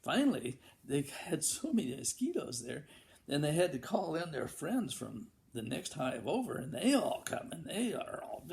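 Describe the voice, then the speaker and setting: A man's voice: fairly high pitch, normal speed, creaky. Folksy man spinning a tall tale. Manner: animated, with buzzing and banging sound effects and frequent restarts. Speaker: storyteller.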